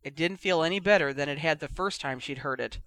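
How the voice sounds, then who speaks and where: A man reading a story aloud as narrator in a steady, even manner. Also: fairly high pitch, brisk. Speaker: audiobook reader.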